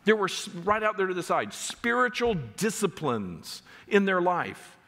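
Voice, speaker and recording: A man's voice: sits high, big pitch swings, measured pace, gravelly, a bit bright, big-room sound. A man preaching a sermon as pastor, driving home numbered points with rising emphasis. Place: church sanctuary.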